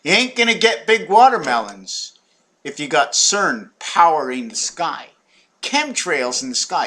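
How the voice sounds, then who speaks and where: Man, fairly high and bright, rambling comic monologue, lots of repeats and restarts. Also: big pitch swings, a little slow. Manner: rambling, jumps between topics with wordplay.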